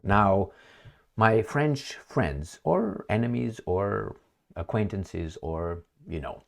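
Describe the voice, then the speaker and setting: Man, very low voice, sarcastic vlog commentary, rambling. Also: slow pace, vocal fry. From Romania. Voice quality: sarcastic, mocking. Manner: rambling, animated, frequent fillers and laughs. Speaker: political commentary vlogger.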